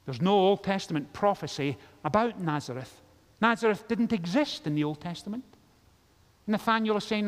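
Man preaching in a big echoey church, kinda high voice, tells it like a story and does the characters. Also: lively intonation, normal speed. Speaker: pastor. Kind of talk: sermon. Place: large church. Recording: long church reverb.

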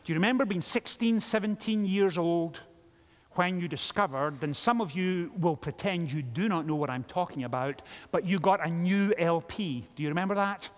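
A male pastor delivers a sermon with a fairly high voice. He tells the story animatedly and gives the characters voices of their own. His words ring out with the long reverb of a large church. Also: normal speed.

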